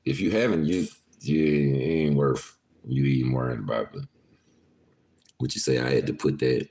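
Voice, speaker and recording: A man with a very deep, slightly mellow voice speaks at a normal speed. He hosts a casual livestream podcast from his home, chatting loosely and profanely with his live chat and laughing often.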